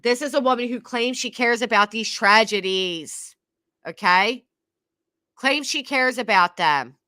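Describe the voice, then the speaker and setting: A woman's voice: on the high side, measured pace, bright, forceful tone, no room sound, studio quality. A middle-aged woman hosting a reaction commentary, sarcastic and scornful, repeating herself for emphasis. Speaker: commentary channel host.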